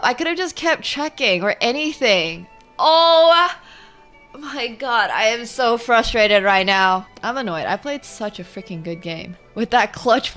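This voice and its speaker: Lively, bright-voiced woman streamer. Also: on the high side. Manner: excitable, swings from muttering to loud outbursts. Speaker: chess streamer. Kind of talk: live commentary while playing online chess.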